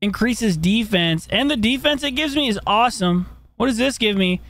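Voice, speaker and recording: A young man giving profane, excitable commentary while playing a video game, with game music behind him. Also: high voice, normal speed, dry recording. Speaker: gaming streamer. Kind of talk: let's play commentary.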